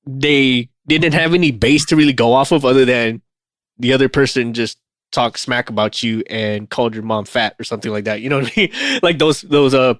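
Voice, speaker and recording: A man's voice: medium pitch, brisk, dry recording. A man in a casual podcast chat, heard close and dry on the mic. He talks at an easy pace, laughs a lot and leans on fillers as he tells stories. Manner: relaxed, laughs often, many fillers. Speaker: podcast co-host.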